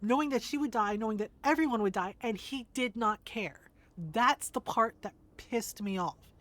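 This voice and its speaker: Woman, game streamer, casual chat, profane, emphatic, slightly high voice. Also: normal speed, a bit bright.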